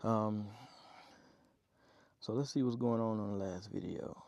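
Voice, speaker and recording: A man's voice: fairly low pitch, fairly even intonation, unhurried, gravelly, a little mellow, no room sound. A man vlogging from his off-grid homestead, rambling casually to his viewers and worn out from digging. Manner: rambling, talkative, addresses viewers as y'all. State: tired after digging.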